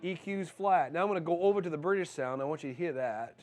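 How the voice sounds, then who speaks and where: A man's voice: on the high side, fast. A middle-aged man casually demoing a guitar amp in a music store, explaining each setting between riffs. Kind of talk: casual product demo. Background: loud electric guitar playing.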